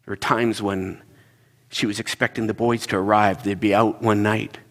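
A middle-aged man preaching, telling stories in a halting, earnest way and repeating words as he searches for them. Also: fairly low pitch, level tone. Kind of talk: sermon storytelling. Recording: long reverb in a large hall.

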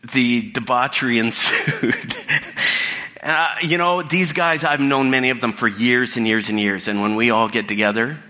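Bright-voiced man preaching in a reverberant hall. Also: mid-range voice. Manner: conversational storytelling with restarts. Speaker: pastor. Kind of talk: sermon.

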